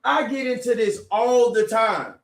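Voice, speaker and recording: A man telling a story in casual chat, emphatic and preachy, sometimes rising to a shout. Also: extremely high pitch, a little slow, creaky. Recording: echoey room, far from mic.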